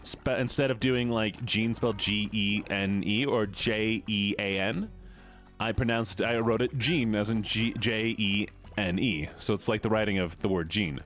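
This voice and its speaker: A man's voice: on the low side, measured pace, a bit bright, faint music behind. A man with a Midwestern American accent chatting casually on a livestream, rambling, laughing often and reading chat aloud. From United States. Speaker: VTuber streamer.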